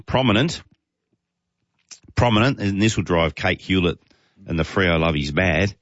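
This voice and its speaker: A man's voice: sits low, animated, a little slow, fairly bright tone, no room sound, dull audio. A man with an Australian accent hosting casual talkback radio, chatting and reading out listener texts with chuckles. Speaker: talk radio host.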